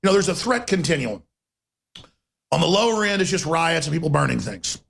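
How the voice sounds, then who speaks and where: A man hosting a political talk radio show, delivering an emphatic, sarcastic monologue with bursts of rapid speech. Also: a little high, big pitch swings, vocal fry, fairly bright tone, slightly rough.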